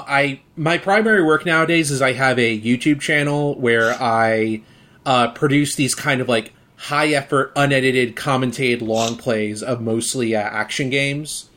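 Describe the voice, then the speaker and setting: A man explaining his video work as a podcast guest, fluent and measured. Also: medium pitch, a bit bright. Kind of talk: casual podcast chat.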